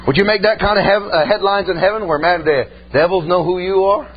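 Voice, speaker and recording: High-voiced, folksy preaching man. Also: fairly even intonation, brisk. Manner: emphatic, colloquial, rising to shouts. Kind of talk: folksy storytelling sermon. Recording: slightly muffled with faint hum.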